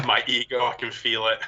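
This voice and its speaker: A man's voice: medium pitch, fairly even intonation, a little slow, highs cut off, crowd noise. A man running a live script-reading stream, moving from a mock-epic speech into jokey, self-deprecating chat.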